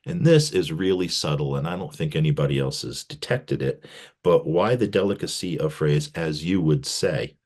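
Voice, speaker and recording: Deep-voiced man giving a wry lecture. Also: normal speed. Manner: wry, joking asides; animated, pitch jumping on emphasis. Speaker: professor. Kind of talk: casual literature lecture.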